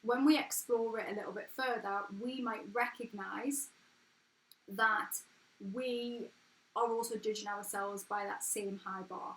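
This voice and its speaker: Her voice sits on the high side, steady, measured and a bit bright. She's a woman in her thirties with a regular English accent, not posh, giving a frank, earnest, chatty motivational live stream from an echoey room at home.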